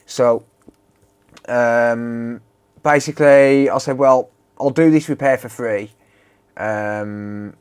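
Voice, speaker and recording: A man's voice: medium pitch, slow pace, pauses often, clean tone. A man with a British accent chatting casually on a repair livestream, greeting and thanking viewers by name as he works. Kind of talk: casual live stream chat.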